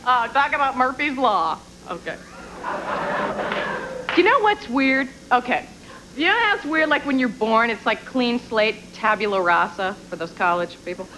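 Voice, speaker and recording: A woman in her twenties doing a stand-up set on a TV studio stage, with quick, self-deprecating and sarcastic delivery. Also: fairly high pitch, expressive. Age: 20s. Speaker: stand-up comedian. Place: TV studio stage with live audience. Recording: broadcast with audience crowd noise.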